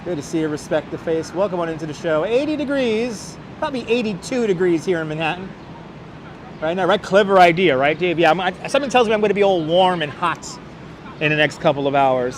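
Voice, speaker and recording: A chatty man with a New York accent leads a live walking tour, greeting his viewers by name in a fairly high voice. He is recorded outdoors on a wireless clip-on mic, with faint street traffic humming behind him. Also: animated, fairly quick. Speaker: livestream walking-tour host. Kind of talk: casual live-stream chat with viewers. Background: faint city traffic.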